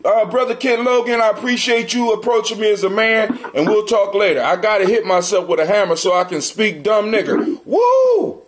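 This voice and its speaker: A man's voice: high voice, fairly even intonation, brisk, few pauses. A middle-aged man hosting a livestream, ranting in a profane, confrontational and mocking way. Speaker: livestream host. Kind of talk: heated livestream rant.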